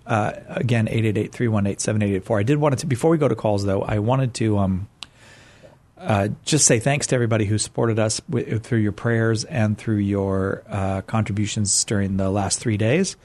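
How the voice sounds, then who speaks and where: A middle-aged man hosting a radio call-in show, talking casually with lots of fillers and restarts. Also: moderate pace. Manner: hesitant, many fillers, rises in pitch when animated. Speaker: radio host.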